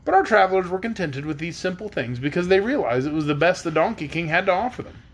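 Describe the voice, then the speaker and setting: Expressive male storybook reader. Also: sits high, quick pace. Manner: expressive, voicing the characters. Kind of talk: bedtime storybook reading.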